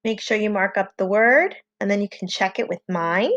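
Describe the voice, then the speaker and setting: A woman teacher leads a slow, patient spelling lesson for children, sounding out letters one at a time. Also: mid-range voice, fairly bright tone, no room sound, lo-fi sound. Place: home, online lesson.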